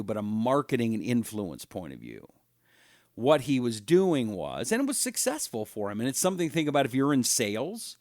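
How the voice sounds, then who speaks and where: A man's voice: mid-range voice, no room sound. A middle-aged male talk radio host with a mid-range voice, spinning stories in a loose, chatty way. He is close on the mic, and the sound is dry with no room around it. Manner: chatty storyteller, reads viewer comments aloud. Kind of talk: live-streamed talk show monologue.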